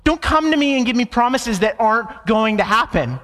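A man's voice: very high voice, animated, brisk, a bit bright, long reverb tail, voice pushed up. A man voicing a bitter, sarcastic ninety-year-old woman, scoffing and exasperated.

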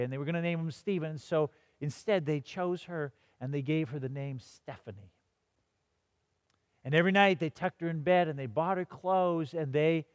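A man's voice: on the high side, dry recording, long reverb tail. A man preaching a sermon, telling a story and reading scripture, often restarting and repeating words. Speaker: pastor.

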